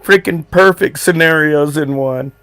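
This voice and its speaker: Slow, gravelly man, dry close sound. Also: a little high, fairly bright tone, no echo. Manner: drawling, swearing, laughing a lot. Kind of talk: casual group chat. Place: home in the mountains.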